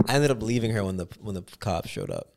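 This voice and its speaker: A man's voice: lowish voice, quick pace, gravelly. A young man hosting a podcast in casual chat, telling stories animatedly and acting out the voices of people in them. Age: young adult. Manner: animated storytelling, acts out quoted voices. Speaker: podcast host.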